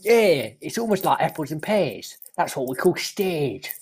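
A man's voice: a little high, big pitch swings, a little slow, a little mellow, husky, full character voice. A man doing a brash Cockney market trader. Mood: blustering. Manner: blustering, swearing, mock-defensive. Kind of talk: improvised comedy sketch.

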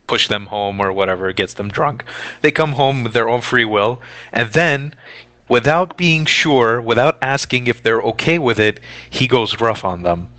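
A man's voice: mid-range voice, sharp tone. A man co-hosting a podcast, chatting loosely and hedging his points, with casual swearing. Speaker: podcast co-host. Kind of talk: casual chat.

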